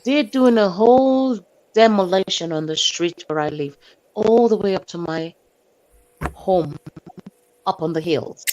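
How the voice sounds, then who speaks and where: A woman on a stream telling a story from her day with animated delivery, acting out her own shouts and sometimes hunting for words. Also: medium pitch, a little slow, pauses often. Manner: hunts for words, fills with "um". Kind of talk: casual storytelling. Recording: dull lo-fi stream audio.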